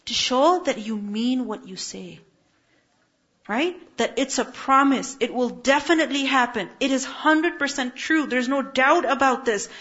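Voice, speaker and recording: A woman's voice: high-pitched, unhurried, a bit bright, highs cut off. A woman giving a Quran lesson, explaining Arabic words one by one and asking her listeners rhetorical questions. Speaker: Quran teacher. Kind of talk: religious lesson on Quranic verses.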